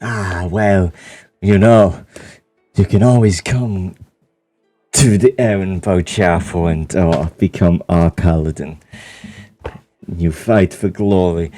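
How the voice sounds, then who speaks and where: A man's voice: deep voice, slow pace, long pauses, mellow, faint music behind. A man voicing a chatty, very old male paladin who rambles and chuckles in a tabletop game. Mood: jovial.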